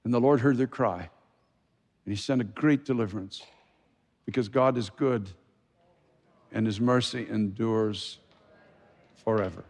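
A male pastor preaching a sermon with passion, swinging from loud exclamations to hushed pleading, in a church sanctuary. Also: fairly low pitch, measured pace, pauses often, slight background noise. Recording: long hall reverb.

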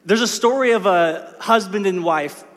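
A man's voice: high-pitched, moderate pace, a bit bright. A man preaching a sermon in a church, telling a story in a conversational way and building to emphatic lists. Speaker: pastor. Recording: long reverb of a large hall.

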